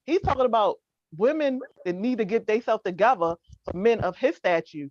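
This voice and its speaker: A woman's voice: fairly high pitch, lively intonation, brisk, darkish tone, slight background noise. Female talk show co-host, blunt and dismissive, on lo-fi video call audio. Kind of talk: casual panel debate.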